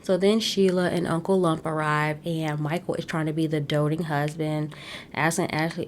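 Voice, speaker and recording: A woman hosting a podcast, chatting casually and sassily with blunt opinions, slangy asides and quick laughs. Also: low-pitched, flat delivery, slight background noise. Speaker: podcast host recapping a reality show. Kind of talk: casual chat.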